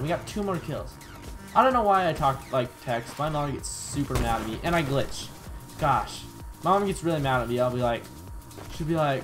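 A man giving chatty, excitable commentary on his own gameplay, with bursts of surprise and self-mocking asides. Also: mid-range voice, a little fast. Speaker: gaming YouTuber. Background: background music.

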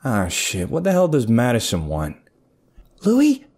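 Mellow, expressive male storyteller. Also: mid-range voice, normal speed, husky. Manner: casual, streetwise, expressive. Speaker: story narrator. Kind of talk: first-person crime horror narration.

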